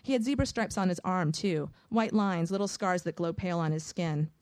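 A woman reading a first-person audiobook in a measured, wry storytelling manner. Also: lowish voice, a little mellow, no room sound. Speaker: audiobook narrator.

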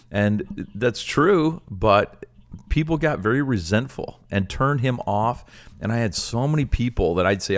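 A man's voice: on the low side, lively intonation, moderate pace. A man who is a pastor, speaking earnestly and casually in a ministry discussion, with many fillers.

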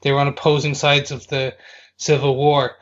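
A man's voice: medium pitch, completely flat delivery, normal speed, fairly bright tone, muffled recording. A man from the UK co-hosting a podcast, chatting enthusiastically in a casual film review. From United Kingdom. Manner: enthusiastic, acts out reactions. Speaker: podcast co-host.

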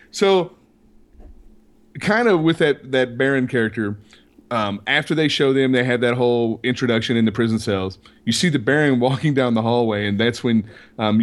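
A man co-hosting a podcast, chatting casually and excitedly about a film and laughing often. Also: medium pitch. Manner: excited, laughs often, explains plot at length. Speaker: podcast co-host. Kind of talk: casual movie review chat.

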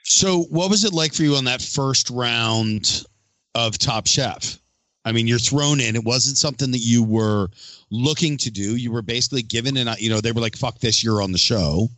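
A man's voice: medium pitch, moderate pace, a bit bright, no room sound. A man hosting a casual conversation, rambling with restarts and sarcastic asides. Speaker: podcast host. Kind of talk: casual chat.

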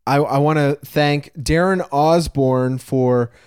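A man's voice: a little high, slow, a little mellow, smooth, no room sound, clean studio sound. A man co-hosting a casual podcast, earnest and getting worked up, with a slightly preachy way of talking. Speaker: podcast co-host.

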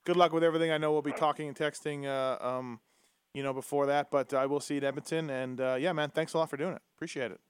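A man hosting a podcast who teases his guest in a relaxed way. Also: a little high, fast talker, clear, resonant tone, no echo, clean studio sound. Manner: teasing, laid-back. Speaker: podcast host. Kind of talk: casual chat.

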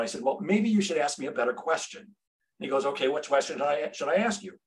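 A man's voice: a little high, lively intonation, fast talker. A middle-aged man, a sales trainer and podcast guest, telling a brash, humorous story and acting out the dialogue.

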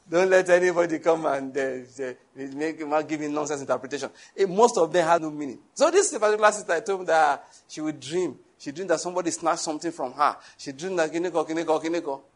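Laughing pastor with a husky voice. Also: male voice, a little high. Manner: lively preaching with laughter and asides to the congregation. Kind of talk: sermon.

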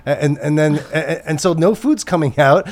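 A man's voice: on the high side, fairly quick. Rambling, swearing male storyteller. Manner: rambling, many restarts and fillers, swears freely. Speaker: TV producer telling a story. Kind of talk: casual storytelling chat.

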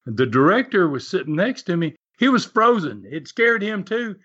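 Man, wrestling promoter recalling old stories, chuckling, voicing the people he quotes, lively pitch; dull lo-fi audio. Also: moderate pace, slightly rough. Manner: animated, chuckles often, acts out quotes. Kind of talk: storytelling anecdote. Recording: dull lo-fi recording.

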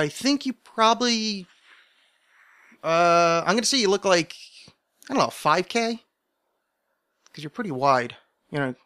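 A man's voice: a little high, sharp tone, clean tone. A man hosting a podcast in a casual solo monologue, rambling and self-deprecating, with many restarts and asides. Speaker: podcast host.

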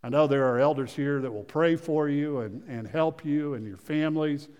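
A man preaching a sermon, swinging from loud emphasis to hushed storytelling, often repeating phrases and restarting sentences. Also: a little high, moderate pace, clear, resonant tone. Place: church sanctuary. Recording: long reverb of a church hall.

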